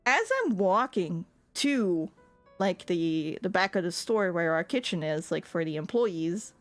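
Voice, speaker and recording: A woman's voice: lowish voice, measured pace, faint music behind. A young woman telling a story in casual chat, laughing often and filling her talk with "like.". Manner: animated, laughs often, lots of "like" fillers; swears when annoyed. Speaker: streamer.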